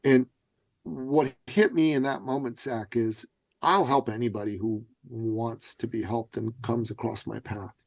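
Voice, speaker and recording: A man telling a story as a guest in a podcast interview, in an animated, dramatic way. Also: mid-range voice, measured pace, vocal fry, no echo, poor audio. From Canada. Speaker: guest, business coach.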